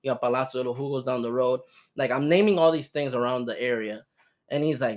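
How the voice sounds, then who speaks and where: A man's voice: mid-range voice, steady tone, fast talker, darkish tone. A young man hosting a casual podcast, telling stories animatedly and mimicking the people he quotes. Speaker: podcast host. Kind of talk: casual chat, storytelling.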